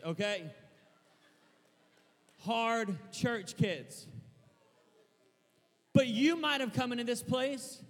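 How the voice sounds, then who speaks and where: A young man preaching a sermon in a church, rambling and excitable, stumbling over restarts and breaking into shouts. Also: high voice, long reverb tail. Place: church hall.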